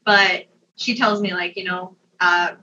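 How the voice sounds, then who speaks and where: Bright young woman telling a story. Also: fairly low pitch, a little slow, a little hiss or hum. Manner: animated, laughs often, many "like" fillers. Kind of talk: casual personal storytelling. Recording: dull, distant mic sound.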